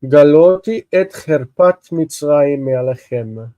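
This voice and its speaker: Man, teacher, stuffy sinuses, slow halting delivery, mellow tone, dry sound. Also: fairly high pitch, no room sound, rough recording. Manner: slow, halting, thinking aloud with many fillers. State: congested sinuses. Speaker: Hebrew teacher. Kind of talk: explaining Bible text on a livestream.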